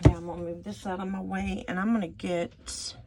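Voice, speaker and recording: A middle-aged woman, chatting casually through a home craft tutorial as she rambles and thinks out loud. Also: mid-range voice, flat delivery, brisk. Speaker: resin art channel host. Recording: noisy home recording.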